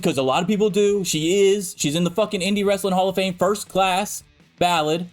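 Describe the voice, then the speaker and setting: A man's voice: high voice, fairly even intonation, a little fast, faint music behind. A man co-hosting a podcast, ranting in a heated, profane and emphatic debate. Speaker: podcast co-host.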